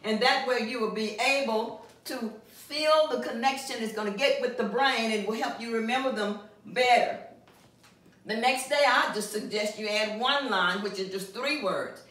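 A woman teaching a Spanish vocabulary lesson, drawing out each word slowly and clearly, recorded from a distance. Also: fairly high pitch, fairly bright tone. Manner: slow, drawn-out enunciation of vocabulary words. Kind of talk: classroom-style language lesson. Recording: very echoey room, mic at a distance.

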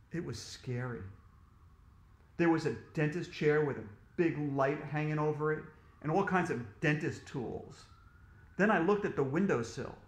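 A man's voice: fairly high pitch, roomy sound. Man reading a storybook aloud. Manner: animated, expressive reading. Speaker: author reading to children.

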